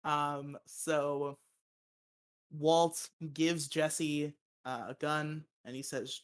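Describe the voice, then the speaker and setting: A man's voice: on the high side, very slow. A man hosting a casual movie review podcast, who laughs a lot and swears freely as he recaps the plot. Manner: laughs often, swears casually, acts out quotes. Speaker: podcast host.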